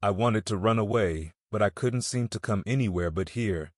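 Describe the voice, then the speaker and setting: A man's voice: lowish voice, normal speed, dry recording, studio quality, natural voice. A man voicing a frightened, broken village drifter accused of murder, pleading through sobs in rustic speech. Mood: despairing.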